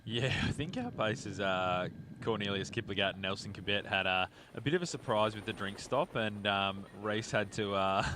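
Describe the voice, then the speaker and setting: A man's voice: fairly low pitch, moderate pace, noisy background. A man giving conversational, analytical commentary on a live race.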